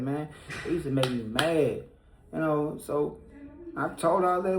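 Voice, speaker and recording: A man's voice: on the high side, a little slow, vocal fry, echoey room, rough recording. A man telling a painful personal story in casual speech, rambling with many fillers and restarts, his tone somber and pained. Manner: somber, pained retelling of a loss.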